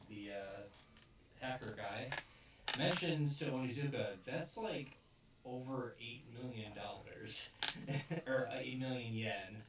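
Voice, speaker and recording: A man in casual conversation, recapping scenes with lively put-on voices for the characters. His voice is heard from a distance in an echoey room, with faint noise behind it. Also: medium pitch. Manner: animated retelling, acting out characters' lines with laughs. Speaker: podcast host. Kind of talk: casual chat recapping an anime.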